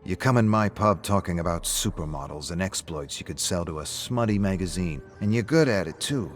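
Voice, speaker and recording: A man voicing a calm, probing pub owner who needles an old friend in a dry, measured way. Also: deep voice, soft background music. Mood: earnest. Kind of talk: audiobook-style story reading.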